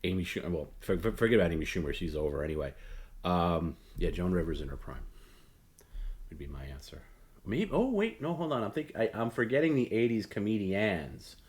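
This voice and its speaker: A man's voice: low voice, sing-song, a little fast, a little mellow. A middle-aged man hosting a late-night solo talk stream, rambling and opinionated, blunt, with many fillers and restarts. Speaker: host.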